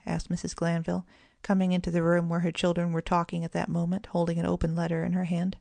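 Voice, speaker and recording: A woman narrating a children's storybook in a gentle, even storytelling manner. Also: lowish voice, fast, gravelly, no room sound. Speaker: audiobook narrator.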